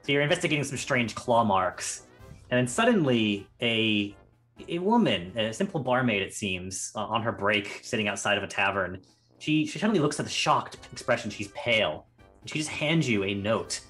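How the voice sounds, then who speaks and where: A man's voice: fairly low pitch, expressive, normal speed, a bit bright. A man running a tabletop game as game master, narrating in a loose, chatty way full of restarts. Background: faint carnival music.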